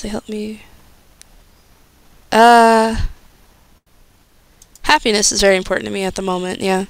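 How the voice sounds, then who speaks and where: A woman's voice: medium pitch, a bit bright, dry recording. A young woman chatting casually on a live stream, bubbly and gushing, often squealing with delight.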